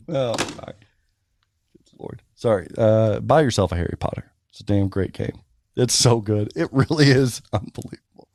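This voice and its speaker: A man co-hosting a podcast in casual chat, telling stories in a ranting, profane, animated way. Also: fairly low pitch, normal speed, dry recording, studio quality. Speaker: podcast co-host.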